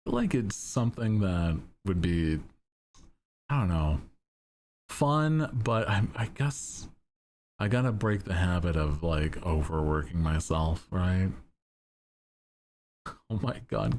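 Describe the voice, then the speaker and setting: Deep slow-talking young male streamer. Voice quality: deep monotone. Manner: laid-back, giggly, reads chat aloud. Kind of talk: casual chat with chat.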